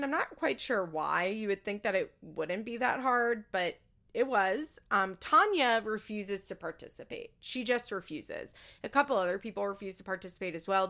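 This woman hosts a podcast recapping a reality show, her medium-pitched voice a little bright. She chats casually, full of opinions and swearing freely, and puts on bigger voices when acting out what others said.

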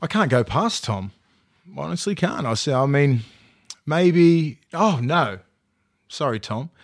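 A man's voice: fairly high pitch, animated, slow. A man, a former rugby league player, ranting heatedly and profanely in casual podcast chat with lots of fillers.

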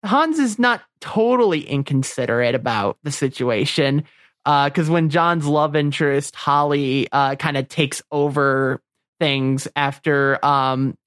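A man co-hosting a podcast in casual chat, enthusiastic and halting, with frequent fillers. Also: a little high, a bit bright, dry recording, clean studio sound. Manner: enthusiastic, hesitant with many fillers. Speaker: podcast co-host.

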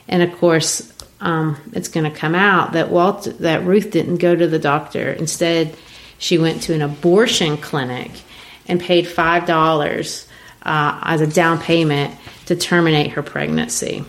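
A woman with a slightly low voice walks through a stage play in a lesson. She explains at an easy conversational pace, pausing on fillers as she thinks. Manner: thoughtful, explaining with many fillers. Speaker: literature teacher. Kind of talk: discussing and reading a play aloud.

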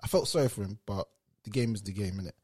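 A guest in a casual chat talks fast in a lowish voice with a breathy edge. He's an animated storyteller, using heavy street slang and acting out what other people said.

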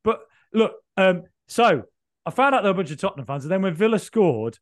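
A man's voice: sits high, expressive, brisk, dry recording, clean studio sound. A man co-hosting a football podcast, telling rambling, jokey stories with lots of fillers. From Birmingham, England. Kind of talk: casual chat.

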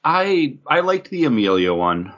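A man's voice: medium pitch, sing-song, unhurried, fairly bright tone, highs cut off. A man co-hosting a casual comics podcast, rambling with lots of fillers and joking asides. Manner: rambling, filler-heavy, jokey. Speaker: podcast co-host.

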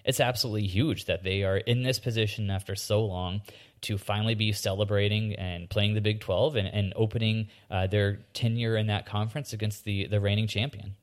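Low-voiced man breaking down college football. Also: steady tone, a little fast. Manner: earnest analysis with many restarts. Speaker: college football analyst guest. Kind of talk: sports analysis.

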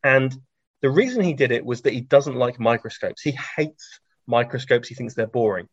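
A man telling anecdotes in a relaxed interview, chatty, full of ums and restarts, laughing at his own stories. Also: medium pitch, normal speed, slightly rough, no echo. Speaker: science author and guest. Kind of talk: anecdotal conversational storytelling. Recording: dry, slightly dull lo-fi recording.

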